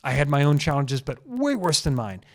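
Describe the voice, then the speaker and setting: In a fairly high, very animated voice at a moderate pace, the chiropractor speaks into his mic on his solo health podcast. He's earnest yet casual, repeating key phrases to stress them.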